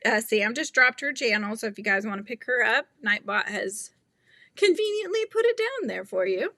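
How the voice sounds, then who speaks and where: A woman hosting a casual crochet livestream, giggly, animated and chatty as she talks to viewers. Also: fairly high pitch, no room sound. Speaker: livestream host.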